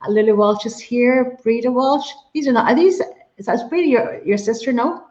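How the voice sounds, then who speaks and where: A woman's voice: fairly high pitch, lively intonation, moderate pace, darkish tone. Woman, Donegal accent, host, enthusiastic, reads viewer questions, echoey room, muffled lo-fi audio. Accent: Irish, Donegal. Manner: enthusiastic, effusive. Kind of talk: live-streamed interview, reading viewer questions. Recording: echoey room, dull lo-fi sound.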